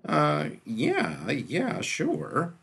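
A man's voice: a little high, wildly swooping pitch, very slow, fairly bright tone, breathy edge, voice pushed up, heavily acted. A man voicing a fourteen-year-old boy on the run, who talks in a tense, snarling, whiny way. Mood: wary. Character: jumpy teenage boy on the run, defiant.

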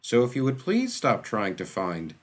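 A man plays a pompous, dry middle-aged male doctor, wordy, exact and drawling, with an unruffled mood. His voice is medium-pitched and slightly rough, moving at a moderate pace through huge pitch swings.

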